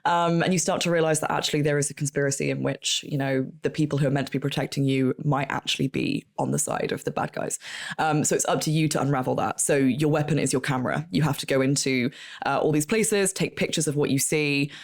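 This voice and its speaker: A woman's voice: low-pitched, steady tone, fast talker, vocal fry. Woman, podcast guest, casual chat, eager, laughs a lot. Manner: enthusiastic, laughs often, many fillers.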